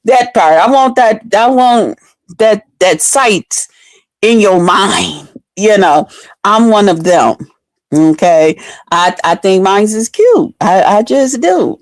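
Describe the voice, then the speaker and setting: A woman's voice: mid-range voice, expressive, takes it slowly, no echo. Blunt, profane woman chatting to viewers. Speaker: online commentary host. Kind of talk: casual unfiltered commentary.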